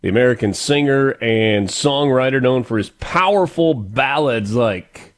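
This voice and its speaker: A man's voice: mid-range voice, expressive, a little slow. Easygoing man hosting morning radio. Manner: easygoing, chatty, reads birthdays and sponsor spots. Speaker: radio show host. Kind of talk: casual morning radio chat and announcements. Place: radio studio.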